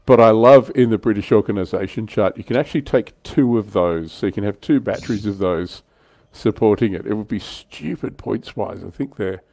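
A man's voice: fairly low pitch, fairly quick, vocal fry, few pauses, a little mellow, dry recording. Older man, dry close voice. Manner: chatty, self-deprecating, laughs often. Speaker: livestream host. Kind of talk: casual livestream chat.

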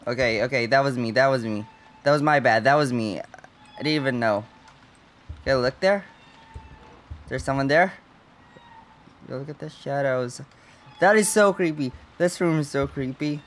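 A man's voice: a little high, fairly bright tone. A young man playing through a horror game, talking nervously to himself, swearing constantly and crying out when startled. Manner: jumpy, swears constantly, nervous self-talk. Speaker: gaming channel host. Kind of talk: horror game let's play commentary.

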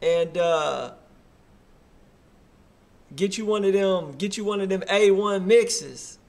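A man's voice: sits high, takes it slowly, darkish tone. A man hosting a live music review show, giving casual slangy feedback on songs and hyping the chat. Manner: casual slangy hype talk.

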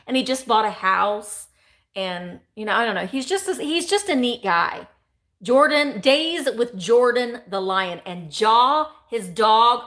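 A woman's voice: on the high side, bright, forceful tone. Chatty woman auctioneer. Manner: chatty and rambling, reads viewer comments aloud. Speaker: live sale host. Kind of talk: casual live-stream auction chat.

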